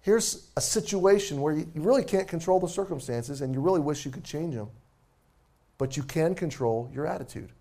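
A man's voice: on the high side, expressive, fairly quick, mellow. A man in his forties, a pastor preaching a sermon as a casual, self-deprecating story.

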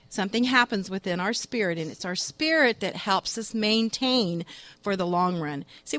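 A woman's voice: mid-range voice, fairly bright tone, no room sound. A woman who coordinates funerals at her church, giving an earnest devotional talk with a joke in it. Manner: earnest and exhorting, telling a joke.

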